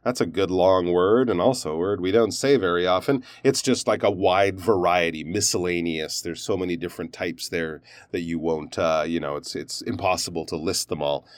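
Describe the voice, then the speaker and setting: A man's voice: deep voice, normal speed, hardly any pauses, dry recording. A man teaching pronunciation, reviewing learners' recorded sentences and explaining stress and endings in an encouraging, explanatory way.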